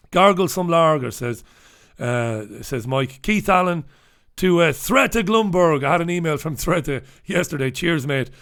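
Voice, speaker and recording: A man's voice: a little high, a bit bright. Irreverent British male livestream host. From United Kingdom. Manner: irreverent, swearing, chuckling. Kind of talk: casual solo livestream, reading papers and greeting viewers.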